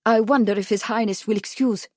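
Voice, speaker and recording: A woman voicing a brisk, anxious gentleman in an audiobook. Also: medium pitch, fairly even intonation, dry recording, studio quality, lightly acted. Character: Kipling, a worried family man.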